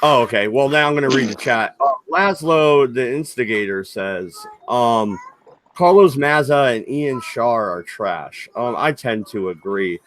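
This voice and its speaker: A man co-hosting a casual livestream at a slow, unhurried pace, with a mid-pitched voice. He reads out the chat and comments on it, pausing often on hesitant ums. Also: expressive, fairly bright tone. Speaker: co-host reading chat.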